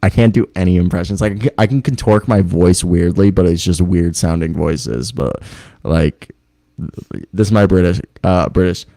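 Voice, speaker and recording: A young man co-hosting a podcast who rambles, jokes and laughs as he talks, with some swearing. His voice sits low and has a gravelly edge. The tone is dark and mellow, and the sound is dry, over a remote call. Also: normal speed, dry recording. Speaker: podcast co-host. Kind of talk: casual chat. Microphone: remote video call streaming setup.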